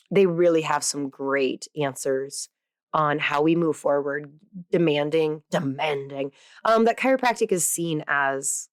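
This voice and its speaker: A woman's voice: sits low, dry recording, clean studio sound. Bubbly, chatty woman podcast host. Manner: chatty and self-deprecating, with many fillers; bubbly, playful asides. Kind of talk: casual podcast monologue.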